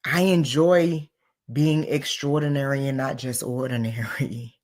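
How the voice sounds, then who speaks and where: Self-assured woman business coach, emphatic motivational delivery. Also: extremely low pitch. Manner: emphatic and self-assured, shifts between loud and soft. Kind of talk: motivational talk.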